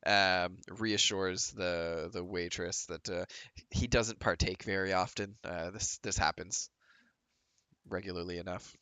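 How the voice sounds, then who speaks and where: A man playing a tabletop game, describing his character in a measured way. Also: sits low, steady tone, pushed and bright, clear, resonant tone, no echo. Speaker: player. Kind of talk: tabletop role-play.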